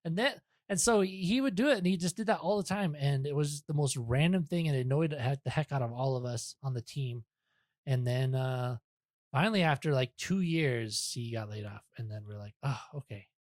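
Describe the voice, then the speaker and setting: A man's voice: medium pitch, brisk, no room sound, clean studio sound. A young man talking as a podcast guest in casual chat, rambling and self-deprecating, with many restarts.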